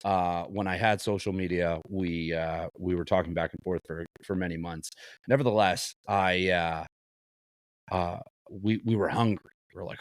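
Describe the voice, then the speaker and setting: Brief: man, podcast co-host, lowish voice, dry close mic, lively storyteller. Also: moderate pace, no room sound. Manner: animated anecdotes, swears, laughs. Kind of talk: casual podcast chat and storytelling.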